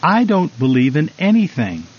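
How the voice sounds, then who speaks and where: A man's voice: fairly high pitch, wildly swooping pitch, moderate pace, husky, heavily acted. A man voicing a despairing young man bound by a bad habit, weary and doubting. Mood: weary bitter. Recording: slightly dull recording, faint music.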